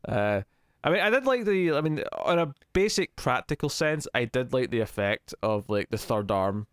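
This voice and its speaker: A man co-hosting a podcast, chatting in an animated, jokey, rambling way about a TV episode. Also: mid-range voice, moderate pace, smooth, no room sound, studio quality. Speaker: podcast co-host. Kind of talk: casual chat reviewing a TV episode.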